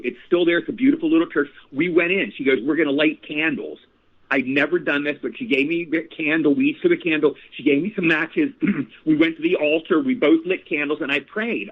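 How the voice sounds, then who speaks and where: A man in his sixties, an actor guest telling stories in a casual interview, animated and repeating phrases. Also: a little high. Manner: animated, repeats phrases, addresses host by name. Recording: tinny phone line.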